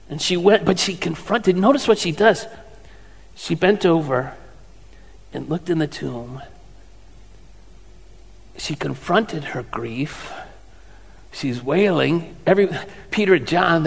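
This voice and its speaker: A man preaches a sermon in a chatty, questioning way, his voice pitched high for a man. The sound carries a long hall reverb. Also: vocal fry, slightly rough. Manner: conversational preaching with rhetorical questions. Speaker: pastor.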